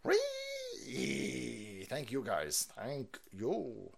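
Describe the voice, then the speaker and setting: Foul-mouthed excitable male stream host. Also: mid-range voice, gravelly, slightly rough. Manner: crude, excitable, swings loud and fast. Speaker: livestream host. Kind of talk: profane political rant stream.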